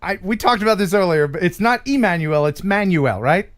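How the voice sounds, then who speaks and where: A man's voice: high voice, animated, fairly quick, fairly bright tone, clear, resonant tone. An American man hosting a casual live stream, joking around and reading chat comments aloud. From United States. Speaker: host.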